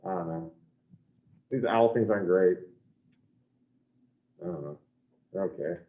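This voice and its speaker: A man's voice: sits low, a little slow. Scattered male teacher on a tinny video call. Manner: scattered, self-correcting, apologetic. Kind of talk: taking attendance in an online class.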